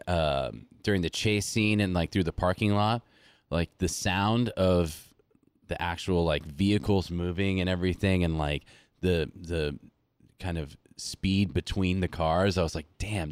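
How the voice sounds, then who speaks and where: A man's voice: deep voice, clear, resonant tone, dry recording. A young man, a musician and surfer, chatting casually as a podcast guest, rambling with lots of fillers. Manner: rambling, filler-heavy, acts out quotes. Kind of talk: casual chat.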